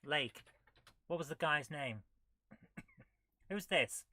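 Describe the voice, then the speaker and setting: Slow and animated, a woman with a low, pushed, bright voice narrates her retro gaming stream. She reads the game's text aloud and slips in dry, wry comments as she plays, in a dry recording of live gameplay commentary.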